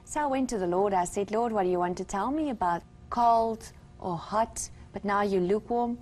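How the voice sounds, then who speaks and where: A woman's voice: medium pitch, normal speed, a little mellow. A woman from South Africa with a South African accent, giving an earnest, emphatic testimony as a guest on a Christian talk show. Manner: earnest, emphatic, retells conversations with God.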